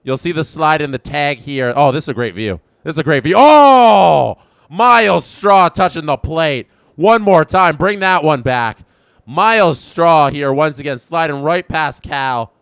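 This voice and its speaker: A Canadian man hosting a live baseball watchalong, excitable and reacting loudly to each play, his voice strained and worn out. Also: a little high, moderate pace, smooth, no echo. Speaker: watchalong host.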